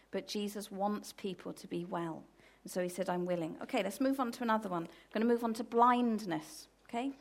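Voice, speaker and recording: A woman preaching a sermon from the UK, telling stories in a lively way with loud, emphatic bursts. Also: medium pitch.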